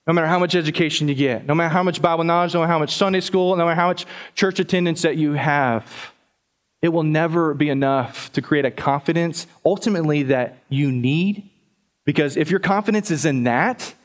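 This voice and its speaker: A man preaching a sermon as pastor, talking conversationally to the congregation and often repeating words. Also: on the high side.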